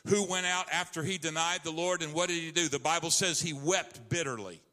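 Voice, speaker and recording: A man preaching a sermon as a pastor, swinging between loud emphasis and hushed asides. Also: on the high side, brisk, big-room sound.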